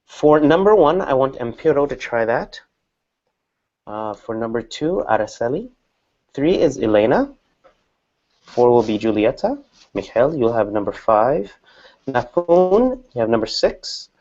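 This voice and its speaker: A man's voice: mid-range voice, very animated, a little slow, pauses often, a little mellow, muffled recording. Male English teacher in a classroom; patient, explains with repeated examples.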